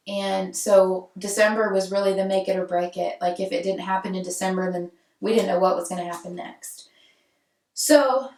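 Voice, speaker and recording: A woman's voice: medium pitch, vocal fry, distant mic. A young woman, telling her own story in a candid, conversational way. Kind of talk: personal storytelling. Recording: roomy echo, voice set back from mic.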